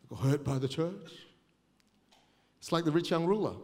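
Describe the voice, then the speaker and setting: A man with an Australian accent preaching a sermon, telling stories with lively, self-mocking humor. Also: on the high side, moderate pace, big-room sound.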